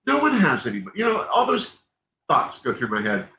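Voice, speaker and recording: A man's voice: fairly high pitch, wildly swooping pitch, normal speed, pushed and bright. Rambling man in an echoey room. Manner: rambling, self-interrupting, openly emotional. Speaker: livestream host. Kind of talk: casual candid chat. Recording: echoey room, faint background noise.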